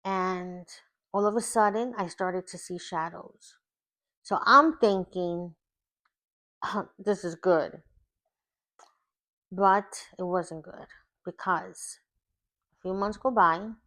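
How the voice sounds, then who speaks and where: Slow, earnest woman sharing her testimony. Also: mid-range voice, bright, forceful tone. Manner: earnest, emotional storytelling with repetition. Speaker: life coach. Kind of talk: personal testimony.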